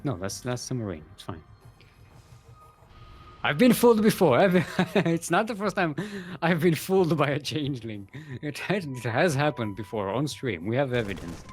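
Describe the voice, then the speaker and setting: A man's voice: mid-range voice, sing-song, normal speed, faint music behind. A man casting a live strategy-game match, chatty and joking, reading out viewer chat as he goes. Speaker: esports caster.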